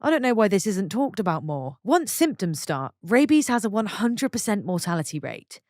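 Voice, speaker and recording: A woman's voice: mid-range voice, sing-song, moderate pace, darkish tone, no room sound, clean studio sound. A woman narrating a string of short posts from an online forum, reading them one after another. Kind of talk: scripted story narration.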